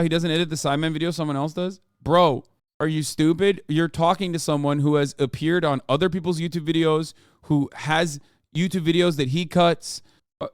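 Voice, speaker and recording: A man's voice: on the high side, smooth, dry recording, studio quality. Profane American man streaming commentary. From United States. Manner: heated and profane, slips into a mock British banter voice. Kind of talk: live-stream commentary, reading chat and articles.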